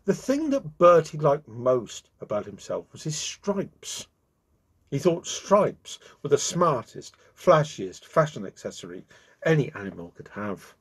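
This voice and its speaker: A man hosting his own channel, reading a children's story aloud with expressive delivery. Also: medium pitch, breathy edge.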